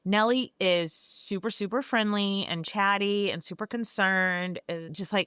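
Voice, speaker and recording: A woman's voice: mid-range voice, measured pace, few pauses, a bit bright, clean tone, no echo. A woman podcast host recapping a classic novel in a breezy, gossipy, irreverent way, with swearing, on a close mic. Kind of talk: casual book recap.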